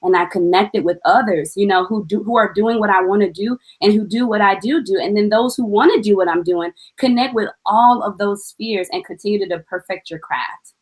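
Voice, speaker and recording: A woman with a Midwestern American accent giving a passionate, high-energy motivational talk. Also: fairly quick, few pauses, rough recording. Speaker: featured guest.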